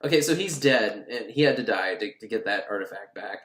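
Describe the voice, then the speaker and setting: Sarcastic, profane male film recapper, lively pitch, echoey room. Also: fairly quick. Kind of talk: casual comedic film recap.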